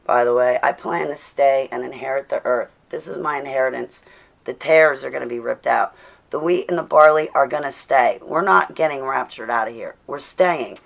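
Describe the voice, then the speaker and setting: A woman's voice: very deep voice, moderate pace, creaky. A tired woman hosting a casual livestream, preaching to and chatting with her viewers and laughing often. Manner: preachy, reads chat aloud, laughs often. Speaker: livestream host.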